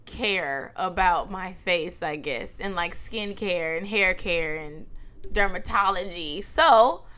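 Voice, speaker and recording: Woman podcast co-host, lively chat, bright tone. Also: lowish voice. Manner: lively, storytelling, quick to laugh. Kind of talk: casual chat.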